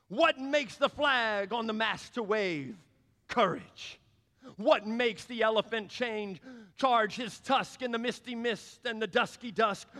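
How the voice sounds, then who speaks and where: A man's voice: high-pitched, fairly bright tone, big-room sound, voice pushed up, full character voice. A man doing a blustering cowardly lion. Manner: rhyming, sing-song bluster.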